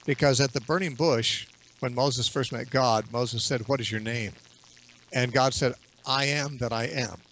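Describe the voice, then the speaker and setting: A man in a radio interview, a bible teacher explaining scripture in a measured way and quoting verses at length. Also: mid-range voice, fairly even intonation, fairly bright tone, a little hiss or hum.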